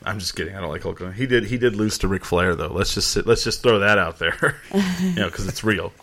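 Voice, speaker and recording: A man's voice: deep voice, animated, fast talker, fairly bright tone. A man hosting a casual podcast chat, joking and rambling, laughing often. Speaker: podcast host.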